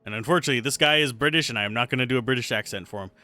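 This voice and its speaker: A man's voice: mid-range voice, racing, few pauses, bright, forceful tone, dry recording, faint music behind. A man hosting a let's play, reading game dialogue aloud and adding wry, joking asides in casual commentary. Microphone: close desk mic.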